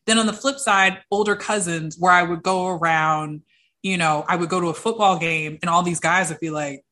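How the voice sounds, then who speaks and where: A young woman, an interview guest, telling personal stories in an animated way and acting out the voices of the people she quotes. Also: fairly low pitch, normal speed. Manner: acts out quoted voices, lively. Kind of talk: animated storytelling.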